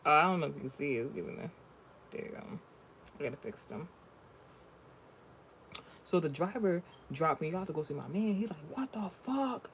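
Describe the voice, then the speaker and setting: A man with a somewhat high voice delivers a casual spiritual reading, blunt and full of swearing. He drifts into stories as he talks. A faint hum of noise sits under the recording. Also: brisk, vocal fry, pauses often, fairly bright tone. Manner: profane, blunt, storytelling. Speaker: spiritual reader.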